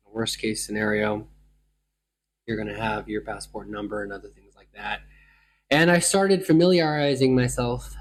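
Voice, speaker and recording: A man from the United States hosting a travel show, telling his stories in a thoughtful, meandering way with frequent restarts. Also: mid-range voice. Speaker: travel podcast host. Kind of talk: reflective travel storytelling.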